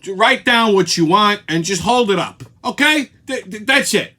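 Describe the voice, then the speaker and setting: Guy with a high voice cursing nonstop through a weekly rant. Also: animated, moderate pace, sharp tone. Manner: profane, angry storytelling. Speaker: show host. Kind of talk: ranting weekly commentary.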